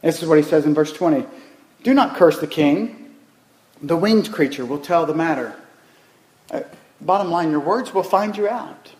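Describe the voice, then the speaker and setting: A man's voice: a little high, lively intonation, normal speed, long pauses, a little mellow, roomy sound, rough recording. A man preaching a sermon, telling folksy stories and asking the congregation rhetorical questions. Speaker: pastor.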